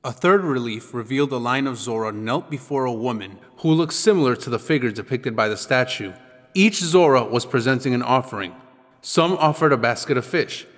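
A man reading an audiobook in a measured, descriptive storytelling manner. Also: medium pitch. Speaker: audiobook narrator. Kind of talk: scripted audiobook narration. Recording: long reverb with background music.

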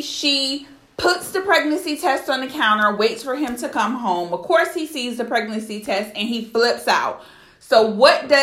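A young adult woman hosting a solo podcast, telling a story in an animated, outraged, profane way. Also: a little high, reverberant. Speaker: podcast host.

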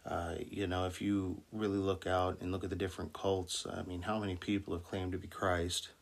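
A man speaking as a minister, giving an informal Bible talk with many restarts and fillers, then reading scripture slowly. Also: low voice, flat delivery, vocal fry. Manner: slow deliberate scripture reading.

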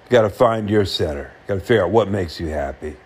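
A man talking earnestly to the camera in short, halting phrases, reflecting on happiness. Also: low-pitched, expressive, breathy edge.

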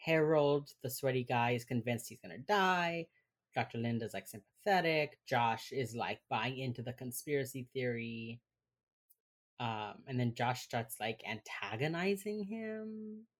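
A woman with a very deep speaking voice and a Miami accent chats casually as a podcast co-host. She recaps a show in a loose, profane way, dropping into quoted voices as she goes. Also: expressive, unhurried. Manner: swearing, chatty, slips into quoted voices while retelling.

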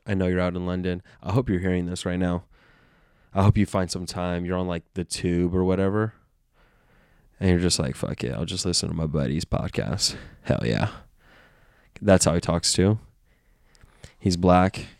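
A man hosts a solo podcast from his bed at home, rambling in a playful, meandering stream of consciousness. His voice is low, a little mellow, clear and resonant, recorded with clean studio sound and no echo.

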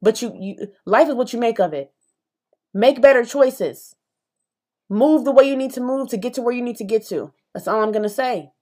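A woman's voice: a little high, animated, moderate pace, dark tone. A young adult woman hosting a solo podcast, speaking passionately and emphatically in a conversational way, with many fillers and asides. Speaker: podcast host. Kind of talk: solo opinion podcast monologue.

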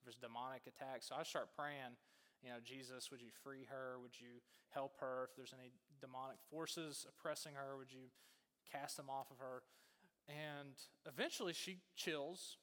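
A man preaching, telling a story in a casual, animated way with many fillers. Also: mid-range voice, normal speed, big-room sound. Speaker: pastor.

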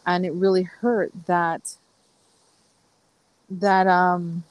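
A woman's voice: fairly low pitch, flat delivery, extremely slow, no echo, rough recording. A middle-aged woman chatting as a podcast guest, rambling through stories with fillers and restarts. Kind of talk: casual podcast conversation.

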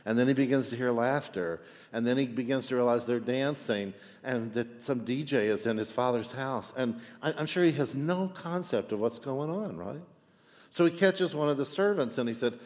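A man's voice: medium pitch, normal speed, big-room sound. A man preaching a sermon in a chatty way, often checking in with the congregation with "right?". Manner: conversational, frequent "right?" asides, animated. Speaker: pastor.

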